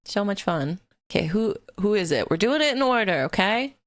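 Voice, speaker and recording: A woman's voice: mid-range voice, big pitch swings, normal speed, dry recording, studio quality. A woman streamer chatting casually on a live stream. She is giggly and swears freely, talking into a desk mic at home.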